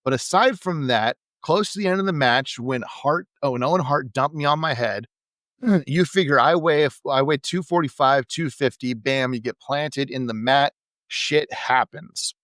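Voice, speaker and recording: A man reading out the lines of a gruff, defiant male wrestler, blunt, combative and full of curses. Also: medium pitch, normal speed, a bit bright, dry recording, close to an everyday voice.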